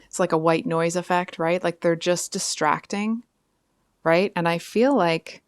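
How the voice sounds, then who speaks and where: A woman's voice: on the low side, steady tone, unhurried, smooth, no echo. A woman giving a casual tarot reading, chatty and rambling, with frequent asides and apologies. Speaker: tarot reader.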